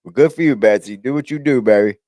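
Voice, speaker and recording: The host of a reaction channel, a man with a mid-range voice, talks quickly, casually and crudely, tossing in teasing asides and loud whoops. There's no echo on the audio.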